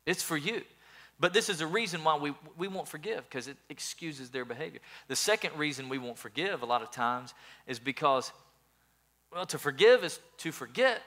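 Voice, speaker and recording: Bright-voiced male pastor preaching. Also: fairly high pitch, lively intonation, moderate pace. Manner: earnest, repeats words when building a point. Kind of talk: sermon.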